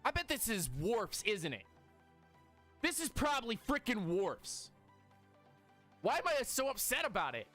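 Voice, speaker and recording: A man hosts a casual live stream, reacting out loud and talking straight to his chat. His voice sits high for a man and jumps up and down in lively swings. Faint music plays underneath. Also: a little slow, long pauses. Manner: excitable, talks to chat.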